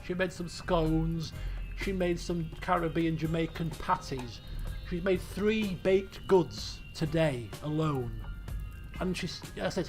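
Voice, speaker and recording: A man streaming a game, telling stories in casual, animated, exclamatory chat with some swearing. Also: a little high, takes it slowly, soft background music.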